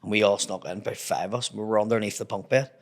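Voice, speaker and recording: Belfast man, gravelly and low, cheerful sweary yarn-spinner for a chat podcast. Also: steady tone, fast talker. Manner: swears constantly, acts out voices in anecdotes. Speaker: comedian guest. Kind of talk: casual storytelling chat.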